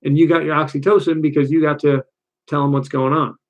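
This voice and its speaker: This is a man coaching his audience on relationships in a loose, conversational way. His voice sits a touch high for a man, and he keeps things lively by slipping into short acted-out quotes. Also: fairly quick, highs cut off. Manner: energetic, conversational, acts out little quoted voices. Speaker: dating coach. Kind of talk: direct-to-camera coaching talk.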